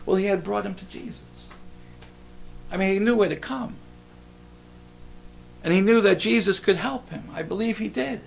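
Gravelly man preaching a sermon. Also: high voice, moderate pace, pauses often. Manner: conversational, asks the congregation questions.

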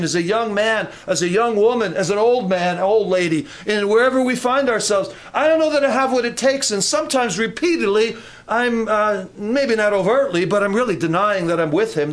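A man with a high-sitting voice preaches a sermon in a conversational way. He drops in humorous asides and restarts often, building up to fervent emphasis.

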